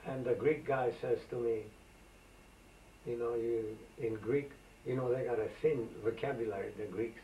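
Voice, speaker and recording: In a conversational oral history interview, an eighty-something man from Macedonia rambles through his memories with frequent fillers. The distant, roomy tape recording is dull with a bit of hiss or hum, and his medium-pitched voice moves at normal speed with fairly even intonation.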